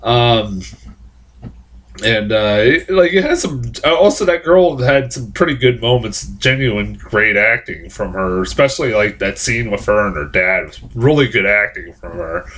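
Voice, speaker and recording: A man's voice: fairly low pitch, moderate pace. A man giving a casual, rambling film review, swearing often and restarting his sentences, with sarcastic outbursts. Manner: rambling, profane, lots of restarts; animated, jumps into sarcastic reactions.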